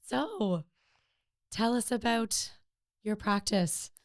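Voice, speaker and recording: A woman's voice: a little high, expressive, drawn-out words, no room sound, studio quality. A woman co-hosting a podcast, chatting casually and asking loose, friendly questions with easy laughter. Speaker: podcast co-host. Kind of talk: casual interview chat.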